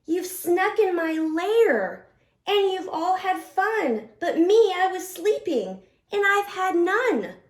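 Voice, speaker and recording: A woman's voice: extremely high pitch, animated, slow, voice pushed up, exaggerated voice. A woman voicing a big grumpy male bear who whines and complains about missing out. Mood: whiny. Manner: whiny, complaining. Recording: echoey room.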